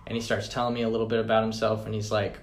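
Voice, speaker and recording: A man's voice: on the low side, monotone, racing, creaky. A young adult man, a podcast guest, telling a personal story in a casual, rambling way full of "like" and "man". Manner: rambling, fillers like 'like' and 'man'. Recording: roomy echo.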